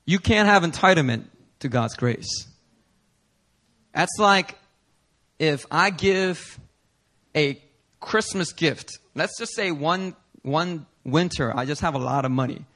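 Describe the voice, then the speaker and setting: A man's voice: fairly high pitch, expressive, takes it slowly, long pauses, a bit bright. A male pastor preaching a sermon in an earnest, emphatic way, building intensity through repetition.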